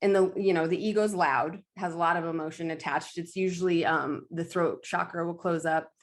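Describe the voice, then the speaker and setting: A woman's voice: on the low side, fairly even intonation, moderate pace. A woman who works as a medium, speaking as a guest in a casual conversation. She talks candidly, laughs often and swears freely.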